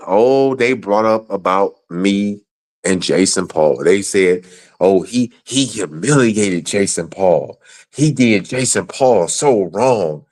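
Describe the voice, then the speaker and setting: A man appearing as a guest on a livestream rants angrily, cursing and repeating himself throughout. He has a low-pitched voice with a darkish tone.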